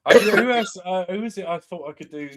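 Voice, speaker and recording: A man's voice: sits high, fairly quick. A man co-hosting a casual chat show, laughing often and mimicking other presenters. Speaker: co-host.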